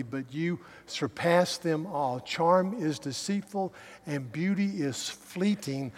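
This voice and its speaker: A man preaching a sermon. He stumbles over restarts and swings from loud emphasis to quiet asides. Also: on the high side. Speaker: pastor. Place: church sanctuary. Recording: long reverb of a large hall.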